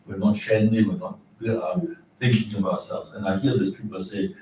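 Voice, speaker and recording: Male councillor, emphatic and argumentative, somewhat low; far mic, noisy room. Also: steady tone, moderate pace, mellow. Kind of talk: council meeting debate. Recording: echoey chamber, distant mic, background hum.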